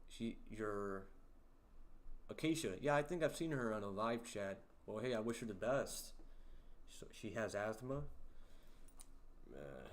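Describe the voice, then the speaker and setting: A man hosting a casual livestream, talking slowly in a low-key way with lots of fillers that can come across as sarcastic. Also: lively intonation. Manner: slow, low-key talk with many fillers, sounds sarcastic. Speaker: livestream host.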